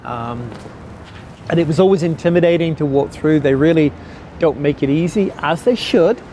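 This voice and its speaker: A middle-aged man, preaching a sermon earnestly and slowing down to stress key words. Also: fairly high pitch, dark tone, a little hiss or hum. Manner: earnest, repeats key phrases slowly for emphasis. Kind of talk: sermon teaching.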